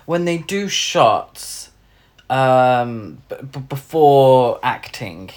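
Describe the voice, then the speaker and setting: Woman co-host with a low, lively voice, chatty and exasperated. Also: very slow. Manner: chatty, exasperated, laughs often. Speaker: podcast co-host. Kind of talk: casual chat.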